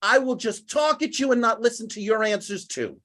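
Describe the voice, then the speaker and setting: A man's voice: moderate pace, sharp tone. A man hosting an online group, ranting angrily and bitterly at its members and swearing as he goes. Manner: heated, bitter, swearing, with big swings in pitch. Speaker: host of an online English class group. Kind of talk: angry rant to an online group.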